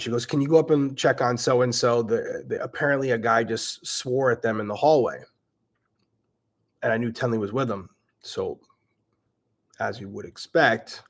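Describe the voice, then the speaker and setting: A middle-aged man with a regional accent, a podcast host answering questions and telling animated stories, swearing casually. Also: mid-range voice. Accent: regional accent, self-noted. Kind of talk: casual Q&A storytelling.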